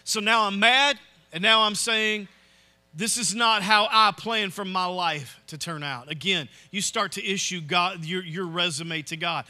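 A pastor preaching a sermon in a church, animated and often checking in with "Okay?". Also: male voice, sits high, a little slow. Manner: animated, acts out quoted voices, asks "Okay?". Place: church sanctuary.

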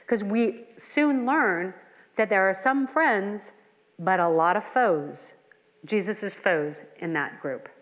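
A middle-aged woman teaches a Bible study in an earnest, conversational way. She mixes scripture reading with personal asides and rhetorical questions. Her voice sits at a medium pitch and rings in a hall with long reverb. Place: church hall.

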